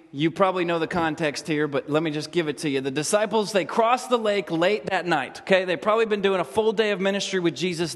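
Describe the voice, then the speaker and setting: A fairly high-voiced man teaches a Bible lesson to a group in a church, animated and joking as he quizzes them. The long echo of the hall trails after his words. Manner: animated, jokey, asks the group questions.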